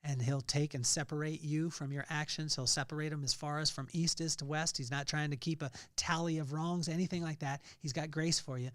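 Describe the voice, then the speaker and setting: A man's voice: a little high, fairly even intonation, brisk, hardly any pauses, no room sound, studio quality. A middle-aged man hosting a podcast, giving an earnest faith-based motivational talk with personal storytelling. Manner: earnest storytelling, rising to loud emphasis. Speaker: podcast host.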